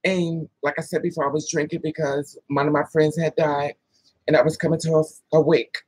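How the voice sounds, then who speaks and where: A man with a fairly high, slightly rough voice tells a personal story briskly in a casual vlog. He's a lively, blunt storyteller who swears and acts out what other people said. The recording is dry and rough.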